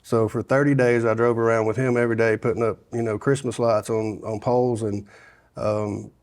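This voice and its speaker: A man's voice: mid-range voice, little pitch movement, normal speed, darkish tone. A man from telling his life story in a casual interview, rambling with many restarts and quoting the people he met. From Sevier County, Tennessee. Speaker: guest sharing his testimony.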